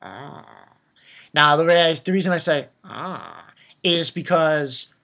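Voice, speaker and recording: An anime reviewer retells an episode in casual, rambling fashion, often restarting sentences and leaning on fillers. The voice sits at a middle pitch and turns emphatic over the story's emotional moments. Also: sing-song, slow, gravelly, pushed and bright.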